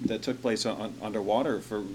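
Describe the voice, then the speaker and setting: A man's voice: fairly low pitch, fairly even intonation, fast, heavy background noise. A man in casual chat who stammers and repeats words.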